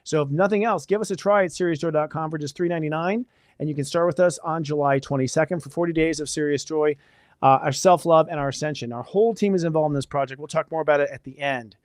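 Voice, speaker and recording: Male astrology host, casual and enthusiastic, slightly high voice, dry close sound. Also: quick pace, dry recording. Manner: chatty, energetic, spiritual enthusiasm. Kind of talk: casual live astrology talk.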